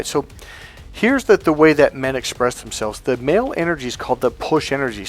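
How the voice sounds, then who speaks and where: A man's voice: medium pitch, very animated, brisk. A man giving a blunt, profane coaching monologue on dating, emphatic and acting out quoted lines.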